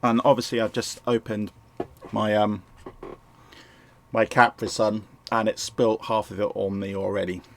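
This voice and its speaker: A man with a sore throat and a croaky voice, rambling and correcting himself as he casually talks through a management game at home. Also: lowish voice, little pitch movement, unhurried. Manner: rambling, self-correcting, chuckles often. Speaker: gameplay commentator. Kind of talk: casual game walkthrough commentary. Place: home, indoors.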